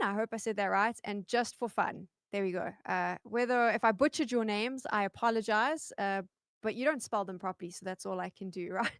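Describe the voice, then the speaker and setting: A South African woman hosting an esports show, chatty and upbeat, reading out fan shout-outs. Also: medium pitch, fairly quick, clear, resonant tone, no room sound, studio quality. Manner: upbeat, chatty, stumbling through usernames. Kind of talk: live esports broadcast hosting.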